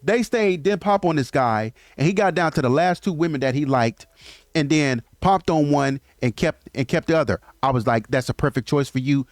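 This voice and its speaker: Guy going off about dating drama, bit high pitched, dead dry mic. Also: normal speed, no room sound. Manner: animated, acts out quotes of others. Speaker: host. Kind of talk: casual commentary monologue.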